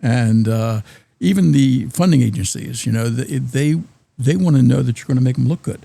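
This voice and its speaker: A man with a South Jersey accent, talking as a guest in an interview, often halting and repeating words as he thinks. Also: medium pitch, creaky, mellow, dry recording. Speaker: guest, city planner. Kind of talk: casual interview talk.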